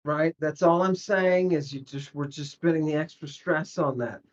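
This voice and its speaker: A woman's voice: sits low, normal speed. A woman teaching a language lesson online, talking in an encouraging, emphatic way as she coaches a student. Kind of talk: online tutoring session. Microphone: video call. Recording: muffled video call audio.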